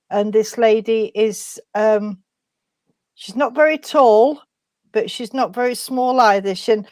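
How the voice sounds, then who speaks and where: Higher-voiced woman medium, dry sound. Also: a little mellow, no echo. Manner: halting, with many fillers and restarts. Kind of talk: spiritualist demonstration.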